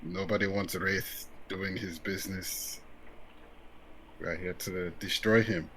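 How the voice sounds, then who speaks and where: Very deep-voiced man role-playing formally. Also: steady tone, pushed and bright, a little hiss or hum, rough recording. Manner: formal, measured in-character speech. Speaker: player. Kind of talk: in-character tabletop role-play.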